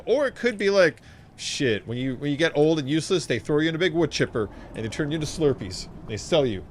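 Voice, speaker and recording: A man's voice: fairly high pitch, brisk, slight background noise. Guy streaming a game, rambly and swears a lot, voice bounces all over. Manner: rambling, profane, animated storyteller. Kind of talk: casual gameplay commentary.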